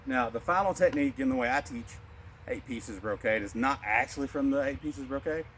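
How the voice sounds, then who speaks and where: A male martial arts instructor calmly leading a qigong class, cueing each breath in a slow, steady rhythm. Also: medium pitch, a little hiss or hum.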